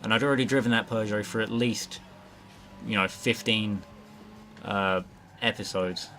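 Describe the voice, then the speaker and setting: Low-voiced man giving profane game commentary. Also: fairly even intonation, moderate pace, fairly bright tone, a little hiss or hum. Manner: casual, rambling and heavily profane, with frequent fillers. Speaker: let's play host. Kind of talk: gameplay commentary.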